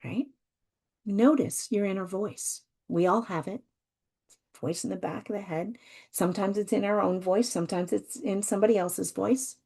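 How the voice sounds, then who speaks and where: A woman hosting a self-help podcast, talking gently and reassuringly and repeating her phrases. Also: medium pitch, moderate pace, gravelly, slightly rough. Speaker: podcast host.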